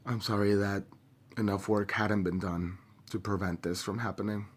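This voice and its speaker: Grieving, impassioned young man, low voice. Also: flat delivery, slightly rough. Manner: impassioned, halting with many pauses and fillers; swears openly. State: grieving and angry. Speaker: vlogger. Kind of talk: personal video statement.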